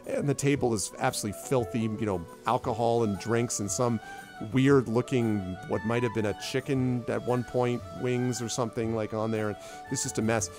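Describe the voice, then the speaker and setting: A man narrating a tabletop game as dungeon master, animated and joking. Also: medium pitch, normal speed, music in the background.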